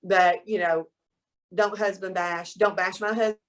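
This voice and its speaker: A middle-aged woman, chatting as an interview guest and telling lively stories. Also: mid-range voice, measured pace. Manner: animated storyteller, quotes people in voices. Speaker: guest, soap maker. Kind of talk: casual interview chat.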